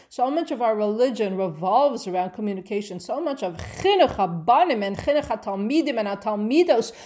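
A woman leads a Bible class in an expressive voice, reading Hebrew verses aloud and explaining them. Her delivery swings from emphatic, ringing stresses to quiet, hushed asides, and her voice sits a little high. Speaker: Torah teacher.

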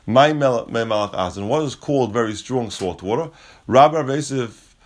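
A man's voice: mid-range voice, normal speed. A man teaching a Talmud lesson, reading Aramaic lines and explaining them casually in English. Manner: casual, restates points, frequent restarts.

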